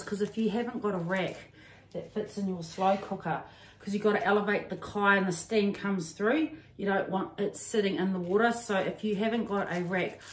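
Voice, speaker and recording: A woman's voice: medium pitch, a little hiss or hum. Middle-aged kiwi lady showing how she cooks, chatty, lots of ums, bit of aussie in her accent, roomy kitchen, mic a way off. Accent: New Zealand with some Australian. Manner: chatty, homely, lots of ums and local slang. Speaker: home cook. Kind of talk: casual cooking demonstration. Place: home kitchen. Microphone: camera on a stand, away from the speaker. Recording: echoey room, mic at a distance.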